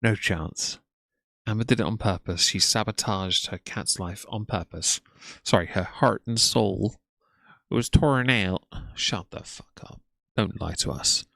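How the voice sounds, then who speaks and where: A man's voice: lowish voice, a little slow, vocal fry, a bit bright, dry recording. A man giving a sarcastic, scornful reaction commentary in a blunt way. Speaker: commentary YouTuber.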